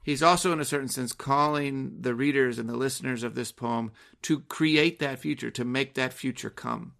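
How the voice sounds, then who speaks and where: A man's voice: medium pitch, moderate pace, creaky, a bit bright. A man co-hosting a podcast, discussing a poem in a reflective way and often restarting his phrases. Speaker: podcast co-host. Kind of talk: casual poetry discussion.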